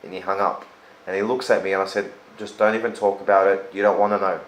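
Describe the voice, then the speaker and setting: A man's voice: deep voice, flat delivery, fast talker, roomy sound, a little hiss or hum, low-quality recording. A man, talking earnestly and telling a story in a casual conversation. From Australia. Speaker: host. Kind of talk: casual chat.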